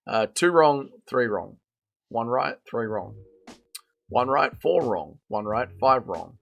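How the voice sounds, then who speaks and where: A man's voice: mid-range voice, lively intonation, slow pace, gravelly, a bit bright, soft background music. A man hosting a casual livestream watch party, tired and hungover, rambling and swearing in slangy banter with his chat. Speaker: livestream host.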